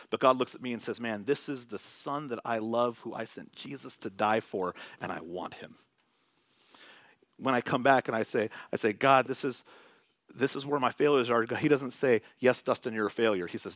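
A middle-aged man preaching in a relaxed, conversational way, telling stories and sinking into soft, hushed tones when he drives a point home. His voice sits at an ordinary pitch. The sound is dry and close. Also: fairly quick, dry recording. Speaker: pastor. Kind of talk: sermon.

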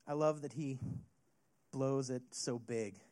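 A man preaching a sermon as a youth pastor, retelling a story with an expressive delivery. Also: mid-range voice, slow.

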